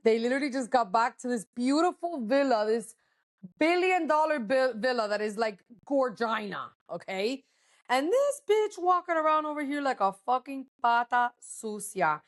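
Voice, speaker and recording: A woman's voice: sits high, expressive, moderate pace. A woman co-hosting a podcast, chatting casually and gossiping with lots of profanity, slipping Spanish words into her English. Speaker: podcast co-host. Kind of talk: casual chat.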